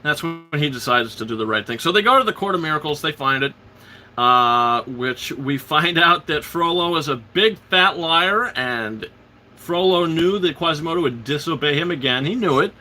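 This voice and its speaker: Host, man, eager rambling film recap; sharp, bright tone, slightly high pitch. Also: moderate pace, a little hiss or hum. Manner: excited, rambling retelling full of fillers and restarts; quotes characters in passing. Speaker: host of a live show. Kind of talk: casual film recap on a livestream.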